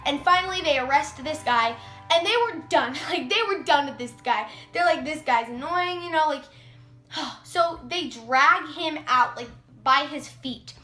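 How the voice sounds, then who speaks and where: High, bright teen girl vlogger. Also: expressive, a little slow. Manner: chatty, heavy use of "like", acts out quotes. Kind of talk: casual storytime vlog. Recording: echoey room, faint music.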